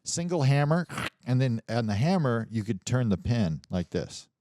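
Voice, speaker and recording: A man's voice: mid-range voice, very animated, moderate pace, mellow, no echo, studio quality. A man co-hosting a comedy podcast, rambling with lots of restarts and chuckles. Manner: rambling, restarts often, chuckles mid-sentence. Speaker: podcast co-host. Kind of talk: casual comedic podcast banter.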